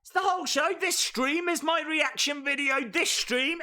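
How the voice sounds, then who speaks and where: Brief: man live-streaming reactions, energetic shouts, bright and forceful tone. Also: very high voice, moderate pace, hardly any pauses. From England. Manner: excitable, bursts into shouting. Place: outdoors in a field.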